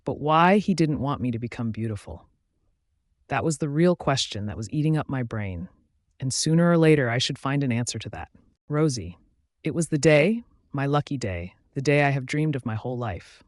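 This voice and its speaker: A man narrating a first-person romance audiobook with an even, steady reading. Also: mid-range voice, fairly quick, no room sound, studio quality.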